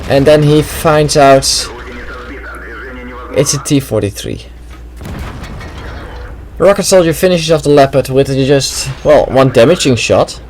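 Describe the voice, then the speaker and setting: A man's voice: on the high side, fairly even intonation, moderate pace, few pauses, a little mellow, a little hiss or hum, low-quality recording. Casual man commenting on a game replay. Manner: casual, chatty, thinking aloud with many "well"s. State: slight throat trouble. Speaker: gameplay commentator.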